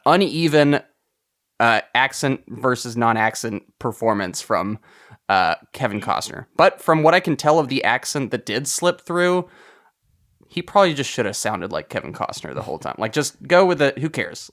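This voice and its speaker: A man hosting a film podcast in casual chat, steering the talk, with sentences that often trail off softly. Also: medium pitch. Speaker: podcast host.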